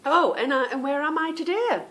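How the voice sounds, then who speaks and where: A woman's voice: high-pitched, lively intonation, brisk, a bit bright. A woman hosting a knitting podcast, chatting casually to viewers, rambling off on tangents and stumbling over unfamiliar names.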